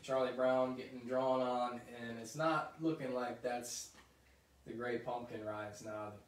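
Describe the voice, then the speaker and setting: A man reading a children's picture book aloud, with lively, chatty asides between passages. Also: medium pitch, a little slow. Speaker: story reader. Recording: roomy echo, mic at a distance.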